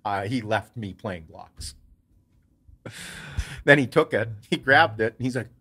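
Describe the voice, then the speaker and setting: A man co-hosting a podcast, telling a lively family story with lots of swearing and laughter. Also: mid-range voice, unhurried, long pauses, breathy edge. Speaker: podcast co-host. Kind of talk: casual storytelling.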